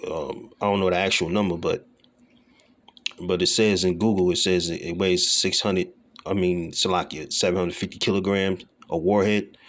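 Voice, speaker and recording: A man preaching in a casual teaching style, reading scripture slowly and tagging his lines with "man" and "all right", often repeating himself and clearing his throat. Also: deep voice, a bit bright.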